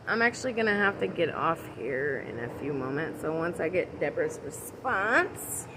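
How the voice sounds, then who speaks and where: A woman of medium pitch does a laid-back tarot and oracle card reading on a livestream from outside her home, rambling along and addressing viewers by name. The recording is low quality, with slight background noise.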